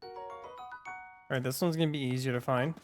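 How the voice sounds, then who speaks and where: A man's voice: medium pitch, steady tone, unhurried, soft background music. A man streaming a video game, chatting playfully with his viewers and joking at the game. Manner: playful, talks to chat, jokey exclamations. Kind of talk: casual gameplay commentary.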